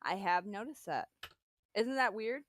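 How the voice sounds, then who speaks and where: A woman's voice: mid-range voice, measured pace, fairly bright tone, dry recording. A woman co-hosting a casual livestream chat, teasing and joking with her co-host. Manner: playful and teasing. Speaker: podcast co-host.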